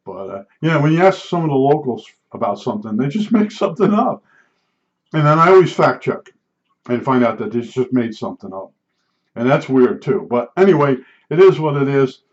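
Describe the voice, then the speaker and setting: An older man with a New Jersey accent rambles through personal stories in a casual, chatty way. He circles back with frequent asides, and his middle-pitched voice comes through a dull, lo-fi recording. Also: sing-song, a little fast. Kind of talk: casual storytelling monologue. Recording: dull lo-fi sound.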